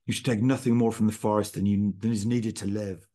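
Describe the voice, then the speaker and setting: A man reading aloud, voicing a grave, calm druid seer in a spoken story. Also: fairly low pitch, brisk, pitched above the performer's own voice, close to an everyday voice.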